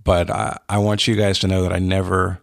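A man hosting a podcast, warmly thanking supporters in a casual, earnest way with frequent restarts. He is recording in an unfinished spare room without soundproofing, with a slight room echo. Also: deep voice, little pitch movement, fairly quick, gravelly. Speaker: podcast host. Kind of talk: casual thank-you segment.

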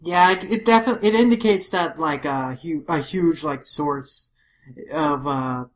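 A woman's voice: low voice, moderate pace. A woman co-hosting a podcast, eagerly retelling comic scenes in casual chat. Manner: enthusiastic, animated retelling. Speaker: podcast co-host.

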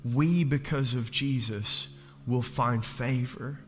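A man in his thirties preaching a sermon as pastor, slow and emphatic, building to loud peaks. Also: medium pitch, slight background noise. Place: church sanctuary. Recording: long reverb of a large hall. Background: soft instrumental music.

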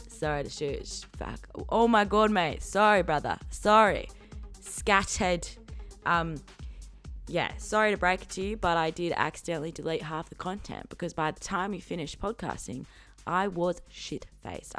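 A young Australian woman in her twenties hosting a podcast, hungover, rambling casually with swearing and self-interruptions. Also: sits low. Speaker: podcast host. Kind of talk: casual chat.

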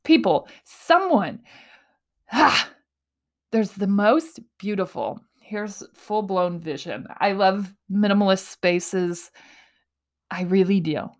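Woman, unhurried delivery, motivational talk, drifts into whispers, self-mocking. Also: medium pitch, animated. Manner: drops into breathy whispers often; playful, laughs at herself.

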